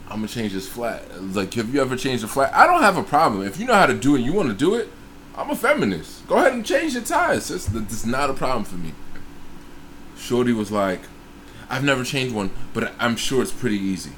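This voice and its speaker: Profane, animated man telling a story. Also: medium pitch, a little hiss or hum. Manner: profane, animated retelling with acted-out quotes. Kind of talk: casual storytelling chat.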